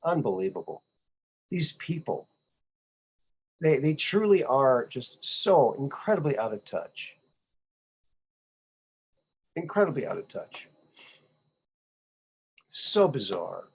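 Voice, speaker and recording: A man hosting his own podcast, reacting to memes in an unhurried, drawn-out way. He sounds sarcastic and scoffing and says things twice for effect. His voice sits at an ordinary middle pitch for a man. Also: very animated, vocal fry, breathy edge. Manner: sarcastic, scoffing, repeats himself. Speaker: podcast host. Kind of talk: casual commentary on memes.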